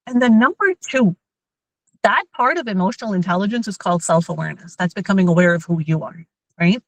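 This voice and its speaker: A woman and mother giving a lively workshop talk on emotional intelligence to parents and teachers. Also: medium pitch, fairly quick, no echo, poor audio. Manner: lively, acts out everyday scenes in quoted voices.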